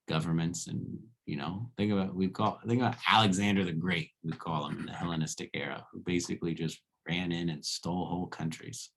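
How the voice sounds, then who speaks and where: A man with a low, gravelly voice gives a relaxed philosophy lecture, often asking his listeners "right?". His tone is husky and a little rough at the edges. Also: brisk, few pauses. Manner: conversational, checks in with rhetorical "right?". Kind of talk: casual spoken lecture.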